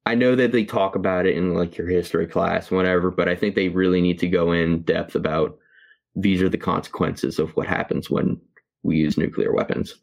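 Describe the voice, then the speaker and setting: A man co-hosting a podcast, reviewing a movie in casual chat, halting with many fillers and restarts. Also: low voice, steady tone, gravelly. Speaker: podcast co-host.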